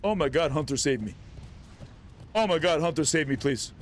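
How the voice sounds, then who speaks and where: An excitable man narrates his game live, teasing the characters he meets. His voice sits a little high, and a faint hiss runs underneath. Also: normal speed. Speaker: streamer. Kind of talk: casual gameplay commentary.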